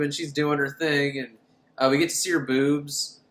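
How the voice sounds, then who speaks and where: A man's voice: a little high, fairly even intonation, a little slow, a bit bright, roomy sound. A man recapping a horror film in a crude, sarcastic way, laughing at his own jokes. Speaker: film reviewer. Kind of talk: casual comedic movie recap.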